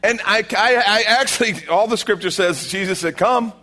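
A middle-aged man preaching a sermon in an animated way, acting out voices and asking the room questions. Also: high voice, normal speed. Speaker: pastor.

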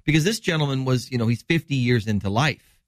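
A man's voice: medium pitch, lively intonation, fairly quick, dry recording, studio quality. A middle-aged man from Wisconsin, a doctor hosting a health show, explaining news in rambling, enthusiastic casual chat.

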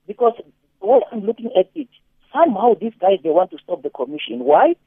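A man calling in to a talk show, speaking haltingly and often repeating words as he makes his point. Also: high-pitched, very animated, slightly rough, dry recording. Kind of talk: phone-in commentary. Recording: tinny phone line.

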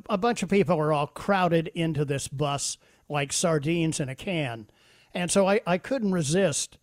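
A man's voice: on the high side, dry recording, studio quality. A man hosting a radio talk show, telling stories in a folksy way with many fillers and restarts. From South Carolina. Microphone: studio microphone.

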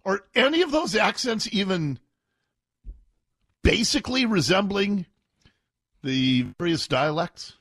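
A man's voice: sits high, lively intonation, slow, long pauses, a bit bright, dry recording, studio quality. A man hosting a talk radio show, delivering an opinionated, mocking monologue and laughing often.

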